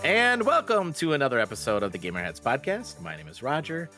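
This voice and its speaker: Lively, chatty male podcast host. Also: medium pitch, a little fast, soft background music. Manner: lively, laughs easily, stumbles over words. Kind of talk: casual chat.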